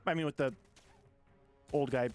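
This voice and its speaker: A man's voice: mid-range voice, fairly even intonation, moderate pace, darkish tone, clean tone, faint music behind. A man hosting a casual game stream, joking around and reading a review aloud. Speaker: streamer host.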